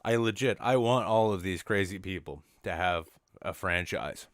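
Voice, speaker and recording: A man with a fairly low voice rambles through an improvised comedy bit in a mock-serious tone, restarting his sentences and piling on filler words. The sound is dry and close, with no room behind him. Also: normal speed, no room sound. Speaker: podcast co-host.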